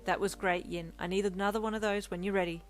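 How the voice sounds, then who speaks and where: A woman voicing a brisk senior nurse who firmly coaches a patient through birth. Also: medium pitch, steady tone, soft background music, close to an everyday voice. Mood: urging. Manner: loud, firm coaching.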